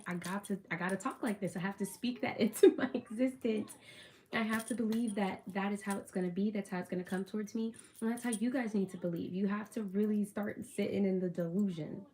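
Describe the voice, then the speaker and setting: A woman's voice: medium pitch, warm tone. A young woman casually chatting to her viewers while doing a tarot reading, upbeat and talkative. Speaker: tarot reader.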